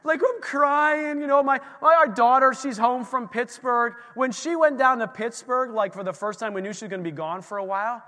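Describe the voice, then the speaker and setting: Middle-aged guy preaching, animated and chatty, big echoey church hall. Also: very high-pitched, moderate pace, few pauses. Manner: animated, conversational, acts out dialogue. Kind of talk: sermon. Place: church sanctuary. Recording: long hall reverb.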